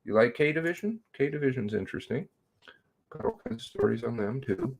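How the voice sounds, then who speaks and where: A man's voice: mid-range voice, expressive, brisk, creaky. A man hosting a casual livestream, greeting viewers by name and reading chat with a sardonic drawl.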